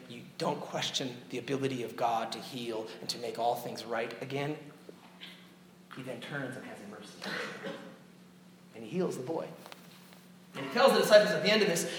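A man preaching a sermon, lively and dramatic, acting out quotes and correcting himself as he goes. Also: medium pitch. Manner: animated, acts out quotes, self-correcting. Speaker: pastor. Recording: echoey hall, distant mic, faint noise.

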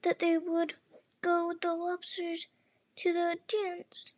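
A woman's voice: very high voice, completely flat delivery, takes it slowly, dry recording. A woman reading the lines of a male griffin in a storybook, solemn and impatient, often half-whispered.

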